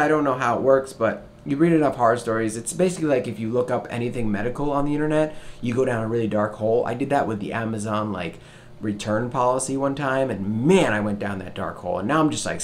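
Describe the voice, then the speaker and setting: A young man telling a story to camera in a casual vlog rant, swearing freely and swinging between loud outbursts and low mutters. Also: a little hiss or hum. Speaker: vlogger.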